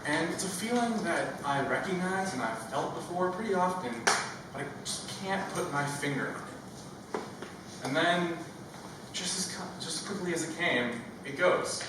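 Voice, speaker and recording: Animated young comedian on an echoey stage. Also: male voice, fairly high pitch, normal speed. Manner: animated storytelling, acting out childhood voices. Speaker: stand-up comedian. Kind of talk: stand-up comedy set. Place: stage with a live audience. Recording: echoey stage from far off with audience noise.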